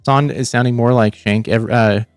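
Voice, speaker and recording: A man rambles through his reactions as a livestream host, swearing freely and restarting his sentences. His voice sits at a middling pitch and sounds close and dry, with faint music playing underneath. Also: steady tone, moderate pace, clean tone, dry recording. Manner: rambling, profane, restarts often. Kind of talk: casual reaction commentary.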